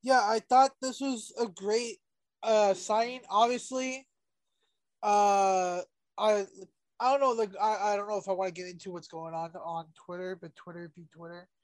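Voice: medium pitch, steady tone, moderate pace, dry recording. Podcast co-host, casual chat, rambling, swearing, lots of hesitations, dry close sound.

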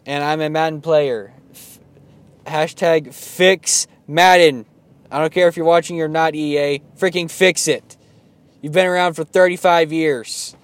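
A young man hosting a casual sports podcast, chatty and joking, with animated rants. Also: a little high, a little slow. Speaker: podcast host.

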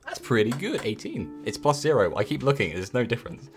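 A man's voice: mid-range voice, sing-song, brisk, over music. A man playing a tabletop game in a casual, joking way, often breaking into laughter. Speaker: player.

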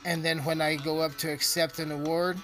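A man's voice: fairly high pitch, level tone, a little fast, a bit bright. Profane rambling man over music. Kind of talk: rambling casual monologue. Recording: music playing behind.

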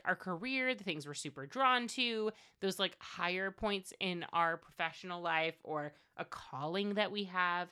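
A woman's voice: mid-range voice, sharp tone, clear, resonant tone. A woman hosting a podcast, talking casually on her own with wry asides and plenty of fillers. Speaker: podcast host. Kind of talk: casual solo commentary.

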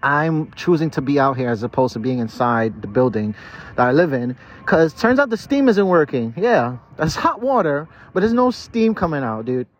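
A tipsy man rambles through a podcast monologue outdoors in a park. His voice sits a little high, and he swears freely and stumbles over restarts. The outdoor recording sounds dull and lo-fi. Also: sing-song, moderate pace. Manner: rambling and profane, with stammered restarts. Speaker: podcast host. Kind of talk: casual drunken monologue.

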